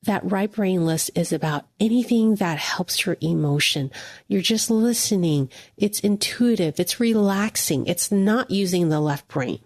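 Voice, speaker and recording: A woman's voice: medium pitch, expressive, unhurried, a little mellow, no room sound. A woman hosting a devotional podcast, speaking earnestly and encouragingly straight to the listener. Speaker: podcast host.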